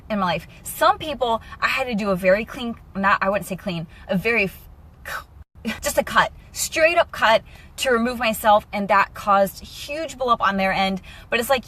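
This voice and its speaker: A young woman talking candidly and emotionally to camera in a personal vlog. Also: medium pitch. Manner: candid and emotional, lively asides. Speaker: vlogger.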